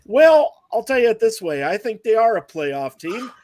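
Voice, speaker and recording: A man's voice: high-pitched, sing-song, normal speed, a little mellow, dry recording. A man talking on a sports podcast, emphatic and declarative. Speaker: podcast co-host. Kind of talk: casual sports podcast talk.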